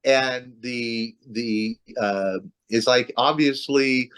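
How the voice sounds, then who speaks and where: A man's voice: medium pitch, drawn-out words, fairly bright tone, smooth. A man, a metal singer, talking loosely about his career on a video call, with lots of restarts and fillers. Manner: rambling, many restarts and fillers. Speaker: metal vocalist, interview guest. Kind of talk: casual video-call interview.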